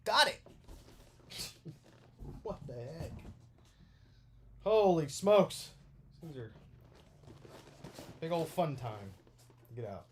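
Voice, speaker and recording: A young man giving casual, rambling unboxing commentary, excitable and full of filler words. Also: fairly high pitch, drawn-out words, pauses often, a little hiss or hum. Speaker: toy unboxing vlogger.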